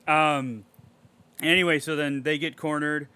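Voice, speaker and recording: A man recapping a movie in a casual podcast chat, excitable and swearing a lot. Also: on the high side, moderate pace, a little hiss or hum. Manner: excitable, heavy swearing, animated storytelling. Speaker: podcast co-host.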